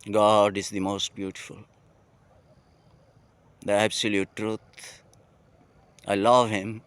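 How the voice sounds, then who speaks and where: Slow, heartfelt man with a Pakistani accent. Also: fairly low pitch, flat delivery, a bit bright, clean tone, dry recording. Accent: Pakistani English. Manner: slow, heartfelt, poetic, with pauses and fillers. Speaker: vlogger. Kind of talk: emotional outdoor monologue. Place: outdoors at night on a farm.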